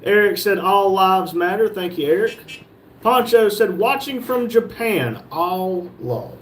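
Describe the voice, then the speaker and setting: A man with a somewhat high voice hosts a casual livestream. He reads viewer comments aloud and tosses off joking replies. Faint noise hums behind him. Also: expressive, slow pace. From North Carolina, USA. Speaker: livestream host reading chat. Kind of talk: casual live chat.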